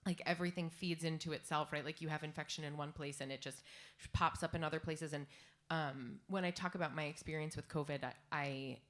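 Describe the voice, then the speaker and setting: A woman in her thirties, a singer-songwriter talking on stage between songs, tearful and rambling with halting fillers. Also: sits low, fairly even intonation. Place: stage at a live songwriters' round.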